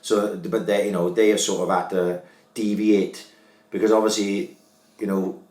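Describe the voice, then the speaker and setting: A man's voice: on the low side, level tone, moderate pace, a little mellow. A man in a casual podcast chat, explaining things in a hesitant, stop-start way. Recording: roomy echo.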